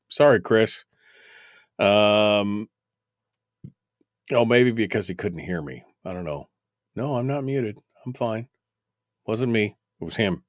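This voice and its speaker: A man's voice: on the low side, dry recording, studio quality. A man hosting a casual call-in radio talk show, rambling loosely with many fillers and chuckles. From United States.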